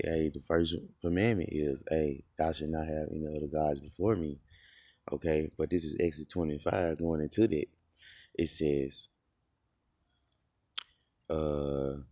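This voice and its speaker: A man giving an informal scripture lesson in a loose, conversational way, full of fillers and slowing down to read verses aloud. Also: a bass voice, mellow, no room sound, studio quality. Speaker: religious teacher.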